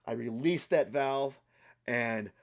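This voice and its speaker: A young man chats straight to the camera in a casual vlog. His voice sits in an ordinary middle range, and he tells his story in an animated, rambling way. He restarts sentences often and leans on fillers. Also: medium pitch, takes it slowly, gravelly. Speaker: art channel vlogger.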